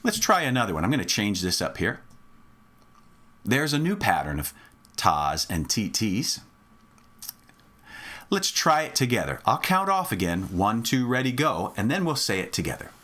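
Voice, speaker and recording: A man's voice: lowish voice, very animated, normal speed, pauses often, sharp tone. A man teaching a children's music lesson on rhythm, patient and encouraging, counting off and chanting along.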